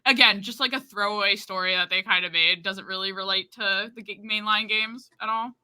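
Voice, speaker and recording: A woman guesting on a casual gaming podcast, giving playful, expressive opinions. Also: medium pitch, a little fast, clean tone.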